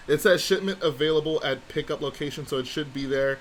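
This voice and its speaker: A man's voice: on the high side, a little fast, hardly any pauses, a little hiss or hum. A man hosting a casual live stream, chatting and reading viewer comments aloud and answering them. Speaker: livestream host.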